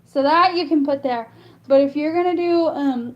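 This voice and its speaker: A woman teaching singing improvisation in a casual live stream, halting and full of fillers as she explains. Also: high-pitched, lo-fi sound. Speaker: singer teaching vocal improvisation.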